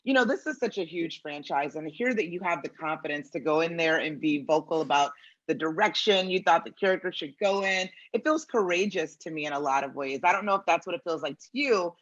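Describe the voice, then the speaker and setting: Encouraging woman interviewer, lower voice, muffled. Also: expressive, a little fast. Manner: warm and encouraging, gives frequent affirmations. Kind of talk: conversational interview. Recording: slightly dull, muffled audio.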